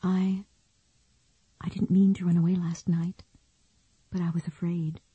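A woman voicing a hurt, vulnerable woman in love, speaking in a breathy, emotional way in an audiobook romance. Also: on the high side, lively intonation, slow, dark tone, no echo, highs cut off, voice pushed up, full character voice. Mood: tender.

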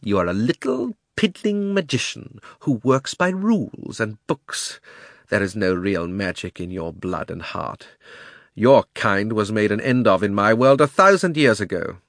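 A cold, imperious witch queen hands out orders with slow, scornful menace, as a man puts her on. The voice is lowish and recorded dry and close, a storybook reading. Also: animated, no room sound. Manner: commanding, scornful, slow and deliberate.

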